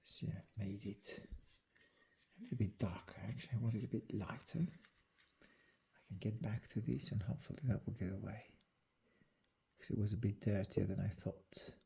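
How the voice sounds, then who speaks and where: A man's voice: fairly low pitch, steady tone, normal speed, vocal fry, pauses often, dark tone, slightly rough. A man narrating his drawing as he works, muttering and half-whispering his steps. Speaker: artist demonstrating drawing.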